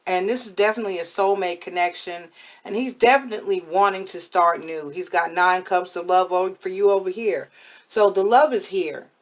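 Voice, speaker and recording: A woman's voice: lowish voice, normal speed. A woman giving a casual tarot reading to camera as a spiritual advisor, frank and chatty, her voice a little worn from overuse. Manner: frank, chatty, blunt and motherly advice.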